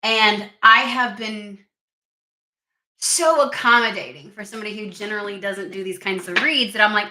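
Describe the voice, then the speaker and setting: A woman's voice: medium pitch, normal speed, sharp tone, echoey room. A woman hosting a casual tarot reading vlog, chatty and rambling, with allergies. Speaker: tarot reader.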